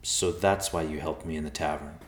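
An earnest young man speaks gently and reassuringly, as a man voices him. His voice is a little raised, and there is a roomy echo behind it. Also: a bass voice, fairly even intonation, brisk.

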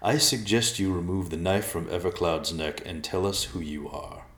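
A grave fatherly bear speaks in a deep, low voice, as a man reads him out. He is measured and calm, and the room around him echoes. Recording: roomy echo.

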